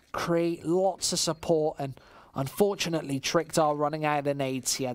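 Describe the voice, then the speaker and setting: A man with a West Midlands English accent doing solo play-by-play commentary on a live stream, casual and chatty with chat, surging loud and high on big plays. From West Midlands, England. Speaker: esports commentator.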